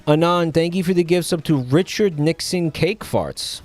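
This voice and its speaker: A man's voice: a little high, darkish tone, no room sound. Rambling male streamer chatting over faint music. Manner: rambling, halting, with many fillers and restarts; offhand and sardonic. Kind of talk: casual live-stream chat.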